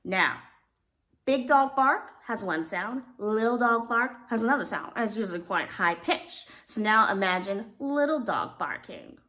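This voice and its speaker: A woman acting teacher explaining a scene, animated and acting out little examples as she talks. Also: medium pitch, a little slow. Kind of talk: instructional video.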